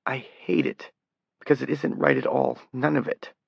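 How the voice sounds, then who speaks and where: A man's voice: on the low side, flat delivery, moderate pace, creaky, husky, no echo, exaggerated voice. A man voicing a tearful, anxious young woman, his voice rising as she pleads. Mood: tearful, pleading. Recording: dull lo-fi audiobook recording.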